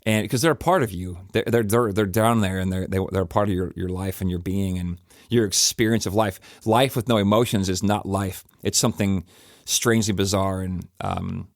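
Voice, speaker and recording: Low-voiced pastor in reflective talk. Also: male voice, moderate pace, no echo, studio quality. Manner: rambling, conversational, many fillers and restarts.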